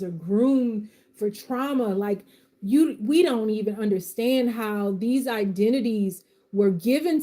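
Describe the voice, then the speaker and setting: Woman doing a live reading, mellow warm voice kinda high, comforting then all fired up, southern slang. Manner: impassioned, swings from soft comfort to fired-up outbursts; uses Southern vernacular. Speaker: live tarot reader. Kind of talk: live-stream reading and pep talk.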